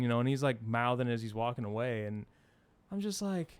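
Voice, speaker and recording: A middle-aged man co-hosting a podcast in casual chat, rambling through an animated story with plenty of fillers. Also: medium pitch, brisk, clean tone, no echo. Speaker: podcast co-host.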